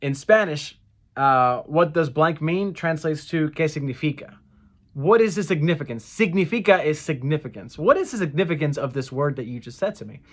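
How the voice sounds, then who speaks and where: A Spanish phrase teacher, male, leads a casual language lesson in an expressive, slightly raised voice. He repeats each phrase slowly, stumbling now and then and correcting himself with easy fillers.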